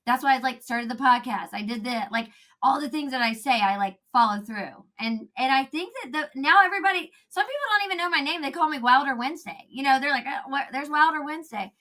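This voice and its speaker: High bright-voiced woman, guest on a podcast, animated and laughs a lot. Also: quick pace. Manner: animated, laughing, acts out quotes. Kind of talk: casual interview chat.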